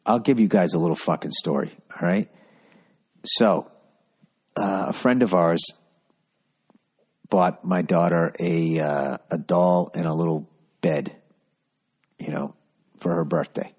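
A man's voice: low-pitched, takes it slowly, long pauses, darkish tone, breathy edge. A man hosting a solo podcast, telling stories in a profane, rambling and exasperated way. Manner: storytelling with voiced asides. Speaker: podcast host.

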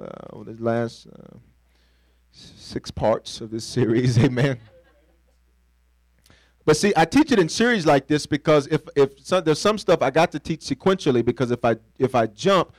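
A man's voice: mid-range voice, animated, moderate pace, a little mellow, no room sound, rough recording. A pastor preaching a sermon in a conversational, playful way, calling on the congregation to finish his lines and acting out little scenes. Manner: call-and-response preaching, asks the congregation to fill in words.

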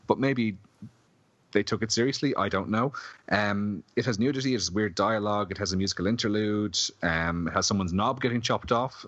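Male podcast co-host, very low voice, loose jokey delivery, dull dry lo-fi recording. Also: fairly bright tone, no room sound. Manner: rambling, filler-heavy, jokey. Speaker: podcast co-host, film reviewer. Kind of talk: casual chat.

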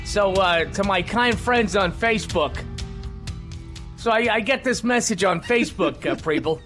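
A talk radio host with a high, bright voice, rambling through his monologue with plenty of fillers and false starts. He pokes fun at himself as he talks into a studio microphone. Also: animated, normal speed, soft background music. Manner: rambling, self-deprecating, many fillers and restarts.

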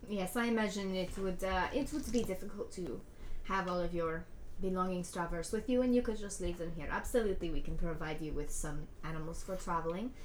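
A woman voicing a calm desert warrior leader. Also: lowish voice, normal speed, slight background noise. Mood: helpful.

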